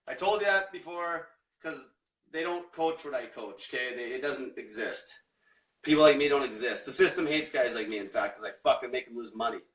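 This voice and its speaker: A man's voice: mid-range voice, animated, a little fast, a bit bright, recorded from a distance. A man coaching viewers in a blunt, combative rant full of swearing. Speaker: diet coach. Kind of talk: profane motivational rant. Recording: echoey room, off-mic.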